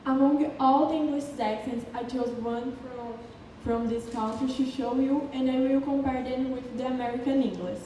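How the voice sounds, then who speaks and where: Brazilian-accented woman with a high, mellow voice, a student presentation heard from afar in a big council chamber. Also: steady tone, moderate pace. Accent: Brazilian Portuguese. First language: Portuguese. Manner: careful, explanatory, with occasional stumbles. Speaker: English student giving a final presentation. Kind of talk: prepared classroom presentation. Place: large city council chamber. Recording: echoey hall from far off with faint noise.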